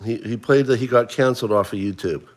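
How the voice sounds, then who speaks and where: A man's voice: mid-range voice, fast. A middle-aged man hosting a casual livestream, chatting and running a trivia quiz for viewers he addresses by name. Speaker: livestream host.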